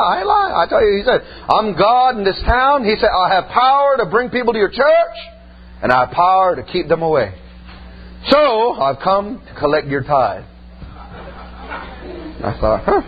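A man's voice: high-pitched, muffled recording, slight background noise. A male pastor preaching a storytelling sermon in a church, folksy and punctuating with amen. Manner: folksy, exclaims amen often, laughs at own stories.

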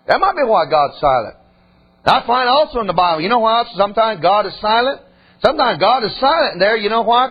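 A man preaching a sermon in a folksy, animated way, full of asides and questions to the congregation. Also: sits high, husky, highs cut off.

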